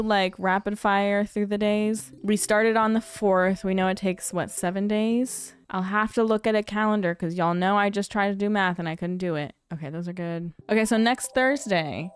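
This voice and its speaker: A young woman hosting a let's play, chatting casually and gushing warmly at her viewers. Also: medium pitch, clear, resonant tone. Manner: bubbly, gushing, addresses viewers as y'all. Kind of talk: casual gameplay commentary.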